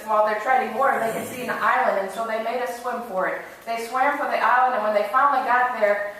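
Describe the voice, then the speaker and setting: A woman pastor delivers a sermon in a relaxed, earnest, storytelling way, her voice fairly high. She is heard from some distance in a church full of echo, with faint noise behind her. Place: church sanctuary.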